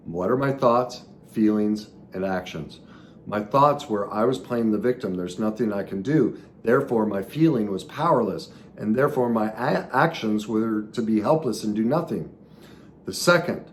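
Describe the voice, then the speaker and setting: A man hosting a podcast as a trauma recovery coach, talking earnestly in a coaching manner, with sudden emphatic bursts and quiet drops. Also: lowish voice, a little hiss or hum. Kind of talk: solo podcast teaching talk.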